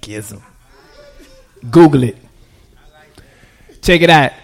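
A man with a high voice preaching a sermon. He keeps checking in with the congregation and swings from near-whispered asides up to loud, excited peaks. His grammar is loose and conversational. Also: very slow, vocal fry. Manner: preaching with call-and-response, swinging from hushed to shouted; casual vernacular grammar. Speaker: pastor.

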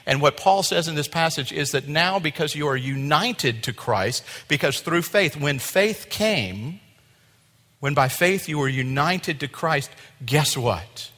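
A male pastor preaching a sermon, animated, acting out voices and dropping to a quiet tone at times. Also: on the high side, unhurried. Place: church sanctuary. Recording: long hall reverb.

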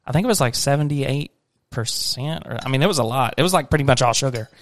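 A man's voice: medium pitch, quick pace. A man in his thirties hosting a casual family podcast with his daughter, joking and teasing. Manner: joking, teasing, bursts into laughs. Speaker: podcast host and dad.

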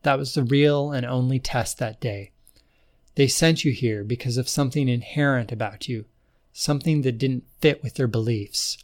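A firm young woman who steadies a frightened boy with direct, no-nonsense words, as a male storyteller puts her on. Her voice sits a little above the reader's usual middle pitch. This is a storybook reading. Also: normal speed, close to an everyday voice. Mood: earnest. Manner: firm and direct, turning indignant. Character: stern, protective young woman guide.

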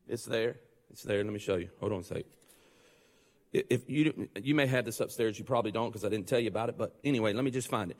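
A male pastor preaching a sermon, joking and conversational, then building to loud, fervent passages. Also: medium pitch, a little fast, big-room sound.

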